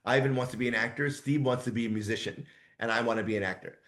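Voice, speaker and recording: A man in his sixties, a voice actor guest telling rambling, lively anecdotes in a casual interview. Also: medium pitch, fast talker, slight background noise. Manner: rambling, animated anecdotes with asides.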